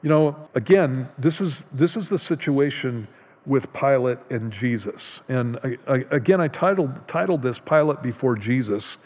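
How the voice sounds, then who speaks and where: Slow earnest preacher in a reverberant hall. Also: male voice, mid-range voice, expressive, darkish tone. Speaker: pastor. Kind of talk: sermon.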